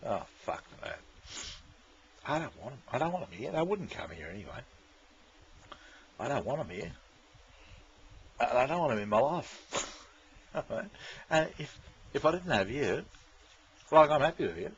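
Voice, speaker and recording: A man's voice: medium pitch, very animated, measured pace, long pauses, breathy edge. A man, rambling in casual chat, swearing freely and chuckling often. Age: 60s. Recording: dull lo-fi recording.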